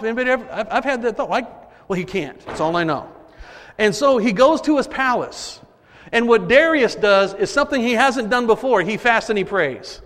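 A man preaching a sermon as pastor, animated, shifting between loud emphatic lines and soft quiet asides. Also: sits high. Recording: long hall reverb.

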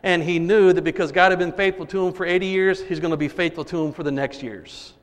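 A man preaching a sermon as pastor, animated, shifting between loud emphatic lines and soft quiet asides. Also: high-pitched, fast talker. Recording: long hall reverb.

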